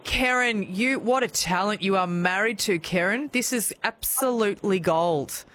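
A woman's voice: mid-range voice, moderate pace, fairly bright tone. A woman hosting a radio song quiz, bubbly and encouraging, laughing often. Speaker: radio host.

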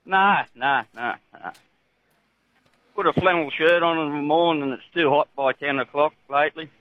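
A man's voice: on the high side, moderate pace, no room sound. A laconic Australian man calling in to a radio talk show, chatting casually. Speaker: caller, farm machinery driver. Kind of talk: phone-in chat. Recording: tinny phone line.

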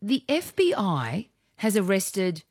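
Lively woman co-host. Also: mid-range voice, takes it slowly, slightly rough, no echo, clean studio sound. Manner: lively, laughing, hands over segments. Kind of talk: casual chat show banter.

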